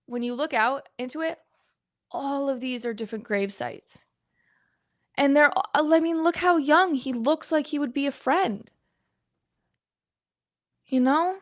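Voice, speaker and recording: A woman's voice: high-pitched, a little slow, long pauses. A young woman in her twenties hosting a livestream, speaking earnestly and emotionally, close to tears as she repeats herself for emphasis. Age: 20s. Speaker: guest host of a livestream. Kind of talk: livestream open forum.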